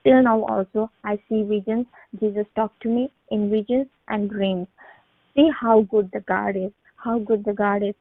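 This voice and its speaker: A woman around thirty giving a halting personal faith testimony on a phone call, with many restarts and repeated words. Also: medium pitch, fairly even intonation, no echo. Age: late 20s to 30. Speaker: testimony speaker on a prayer line. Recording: tinny phone line, dry.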